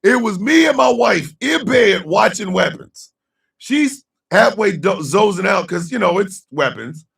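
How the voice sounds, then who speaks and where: A man chatting loosely with his livestream chat, telling a story loudly and profanely and often breaking into laughter. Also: sits high, animated, a little slow, vocal fry, distant mic.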